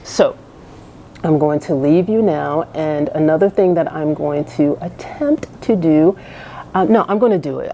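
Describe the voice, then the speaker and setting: A woman with a low voice talks to her camera in a casual, earnest vlog. She encourages her viewers warmly, restarting her sentences and adding fillers as she goes. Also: gravelly, a little hiss or hum. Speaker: vlogger. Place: house she is house sitting.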